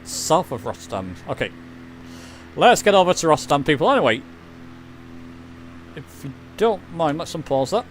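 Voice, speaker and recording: A man's voice: fairly high pitch, sing-song, moderate pace, pauses often, soft background music. A man chatting casually while streaming a flight simulator, rambling and reading chat aloud. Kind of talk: casual live-stream commentary.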